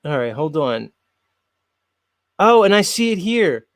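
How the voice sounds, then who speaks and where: A man with a South Philadelphia accent hosting a casual online chat, excitable and swearing freely, laughing often. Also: on the high side, slow pace, dry recording, clean studio sound. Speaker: podcast host.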